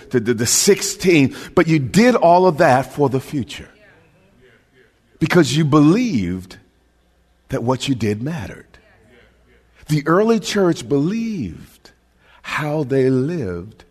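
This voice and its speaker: A man preaching a sermon as pastor, stretching out phrases and dropping to a hushed near whisper on key words before building up again. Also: on the high side, big-room sound.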